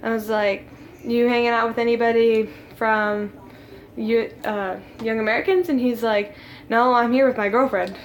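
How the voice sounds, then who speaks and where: A woman's voice: fairly high pitch, fairly even intonation, normal speed, slight background noise. A teenage girl telling a story to camera at a friend's home, rambling with lots of "like" fillers and laughing. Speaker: vlogger. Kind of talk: casual storytime.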